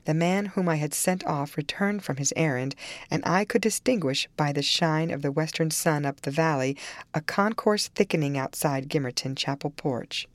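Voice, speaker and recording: Low-voiced woman for dramatic first-person audiobook narration, dry studio sound. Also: dry recording. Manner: measured, dramatic storytelling.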